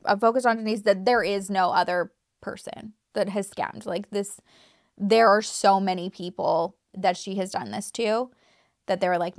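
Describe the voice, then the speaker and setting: A woman vlogger in her thirties talks straight to her viewers in a loose, chatty way, piling on fillers, restarts and emphatic turns. Her voice sits at an ordinary middle pitch. The sound is close and dry, with no room echo. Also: fairly even intonation, moderate pace. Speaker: YouTube true crime creator. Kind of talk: casual talk to camera.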